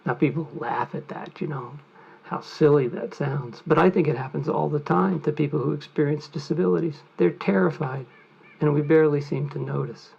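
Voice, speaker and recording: A man's voice: fairly high pitch, normal speed, vocal fry, darkish tone, slightly rough. A man telling a vivid, conversational story as a trainer in a lecture. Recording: muffled lo-fi recording.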